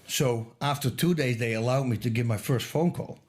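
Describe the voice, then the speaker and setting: A man's voice: medium pitch, brisk, few pauses. Man telling a rowdy story. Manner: animated, laughing at his own story. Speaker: guest storyteller. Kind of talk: casual anecdote telling.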